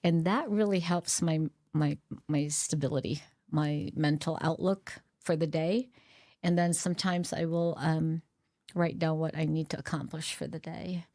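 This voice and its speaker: A middle-aged woman, an author appearing as a podcast guest, speaks in a low, steady, mellow voice at a measured pace. The candid, conversational interview has a clean studio sound with no room noise, and she comes across as earnest and reflective, using frequent fillers and restarts.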